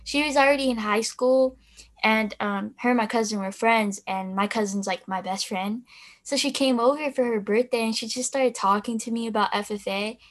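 A woman's voice: on the high side, moderate pace. A teenage girl and student officer talking casually on a podcast, rambling with lots of fillers and little laughs. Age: teens. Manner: chatty with many fillers and laughs.

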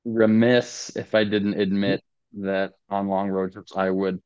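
A man's voice: on the low side, level tone, a little slow, darkish tone, smooth, dry recording. A man who is a guest on a podcast, joking and rambling in casual banter about himself. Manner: joking, rambling, self-mocking. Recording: dull lo-fi podcast audio.

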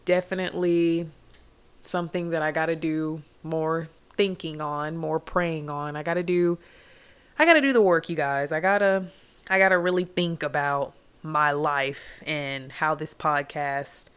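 A woman's voice: low-pitched, unhurried, clean tone. A young adult woman hosting a solo podcast, talking candidly and at length, with many "like"s and asides to "you guys.". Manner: rambling, heartfelt, heavy use of "like" and "you guys". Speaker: podcast host.

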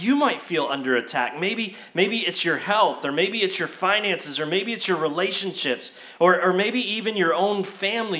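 A male pastor delivers a sermon at a church service in a high, bright and forceful voice. He talks in a loose, conversational way, full of restarts and fillers, and he raises his voice to act out the people in the story. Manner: acts out quoted voices with rising pitch.

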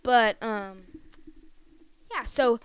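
A woman with a high, clear, smooth voice, co-hosting a casual chat podcast. She tells childhood stories in an animated, giggly way, her pitch bouncing up when she laughs at herself. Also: drawn-out words, no room sound. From Pennsylvania. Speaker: podcast co-host.

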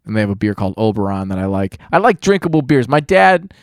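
A man's voice: lowish voice, very animated, fast talker, dry recording, clean studio sound. An American man in his thirties hosting a podcast over a video call, chatty and rambling with easy laughs. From United States. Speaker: podcast host. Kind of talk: casual chat.

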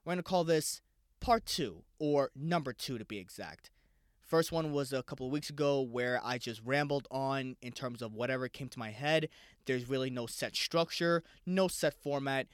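A man's voice: mid-range voice, moderate pace, smooth, no room sound, studio quality. A man hosting a casual solo podcast, rambling loosely and swearing freely. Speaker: podcast host.

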